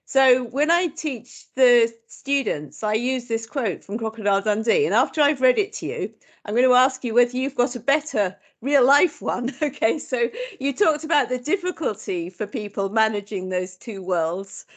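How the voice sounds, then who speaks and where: A woman's voice: fairly high pitch, expressive, moderate pace. A woman asking an enthusiastic, chatty question at an online seminar.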